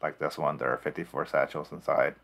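A man voicing a gruff male android, reading out what it finds in a flat, deliberate way. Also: extremely low pitch, exaggerated voice. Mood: matter-of-fact.

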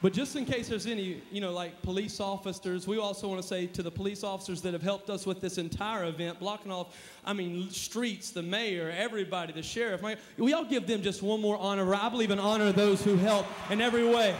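A man as a motivational speaker on stage, hyping up a live church crowd with shouted calls and responses. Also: high voice, fairly even intonation, fairly quick, a little hiss or hum. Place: large hall at a live event. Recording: echoey hall, live event.

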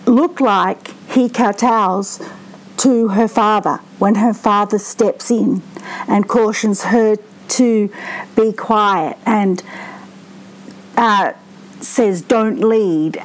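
Woman commentator, unhurried and gravelly, thinking aloud. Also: mid-range voice, a little mellow, rough recording. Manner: slow, reflective, with frequent restarts. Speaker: true crime commentator. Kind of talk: casual commentary to camera.

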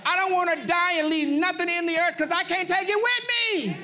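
A pastor preaches with a strikingly high, bright and forceful voice. He exhorts the congregation, calling out to them, and jumps between loud shouted peaks and quieter asides. He sounds middle-aged. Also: fairly quick, a little hiss or hum. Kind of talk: sermon.

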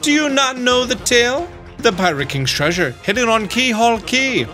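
A man's voice: extremely high pitch, big pitch swings, moderate pace, sharp tone, soft background music, pitched above the performer's own voice, exaggerated voice. A man voicing a flamboyant, self-important sailor-merchant in a vague mixed foreign accent, speaking in a theatrical, grandiose way. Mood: dramatic boasting. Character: pompous flamboyant male sailor-merchant braggart.

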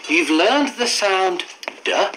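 A man's voice: high voice, lively intonation, slow pace, noisy background. An actor playing a cheerful older grandfather, encouraging his dog and sounding out letters. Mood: cheery. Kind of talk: children's TV acting.

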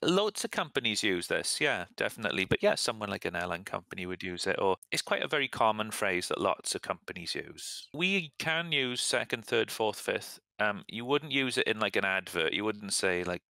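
A young man casually explaining example sentences as an English teacher, relaxed and chatty. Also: fairly low pitch, brisk, gravelly, dry recording. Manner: relaxed, chatty, laughs at own slips.

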